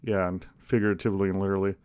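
A man co-hosting a podcast, cracking deadpan jokes in casual rambling chat. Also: sits low, racing, clear, resonant tone. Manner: deadpan jokey, rambling with restarts. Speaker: podcast co-host.

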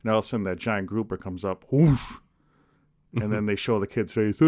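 A man co-hosting a podcast, cracking deadpan jokes in casual rambling chat. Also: fairly low pitch, fast. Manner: deadpan jokey, rambling with restarts. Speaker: podcast co-host.

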